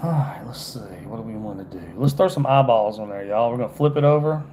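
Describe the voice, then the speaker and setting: A man's voice: mid-range voice, lively intonation, fast talker, noisy background. A man from Georgia with a Southern accent, a fishing guide giving a casual, folksy fly-tying demonstration on a livestream and chatting to his viewers. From Georgia, USA. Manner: folksy, chatty, keeps calling viewers "y'all".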